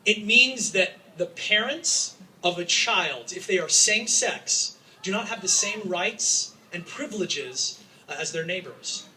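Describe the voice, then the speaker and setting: A man from Utah giving an impassioned, joking public speech to a crowd as an activist, sometimes raising his voice to a shout. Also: high-pitched, animated, unhurried. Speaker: activist speaking at a rally. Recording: distant mic with faint background noise.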